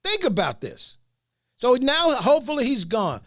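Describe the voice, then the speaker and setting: A man hosting a podcast, mocking video clips with loud laughter and comic commentary. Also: very high voice, normal speed, dry recording, studio quality. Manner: mocking, laughs a lot, animated. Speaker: podcast host. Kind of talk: comedic commentary.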